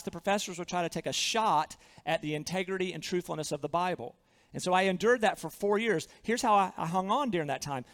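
A man's voice: high-pitched, big-room sound. A man with a Southern accent preaching a sermon as pastor, earnest and emphatic, often repeating his phrases.

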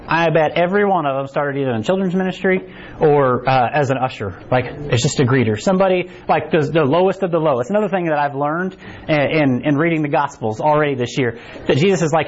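A middle-aged man gives a laid-back sermon in a high, light voice, slipping into acted-out quotes and tossing in "right?" again and again. The recording sounds muffled and lo-fi, with a faint hiss behind him. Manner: chatty, acts out quotes, keeps asking "right?". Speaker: preacher. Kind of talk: casual conversational sermon. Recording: dull lo-fi recording.

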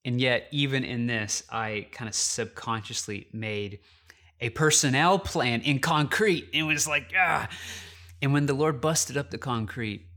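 A man's voice: mid-range voice, measured pace, fairly bright tone. A man, a pastor, telling a personal story in a sermon, with many restarts and a confessional tone.

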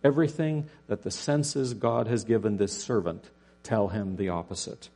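Male preacher, low gravelly voice, dark and husky, animated storytelling, faint mains hum. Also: moderate pace. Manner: animated storytelling with dramatic rhetorical questions. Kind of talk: sermon.

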